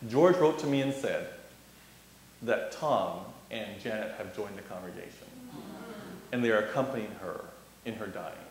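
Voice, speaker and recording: Man, storytelling address, animated, voices the people in it, very echoey hall. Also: lowish voice. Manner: animated, acts out voices, laughs through his story. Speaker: guest speaker on youth ministry. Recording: echoey hall, faint hiss.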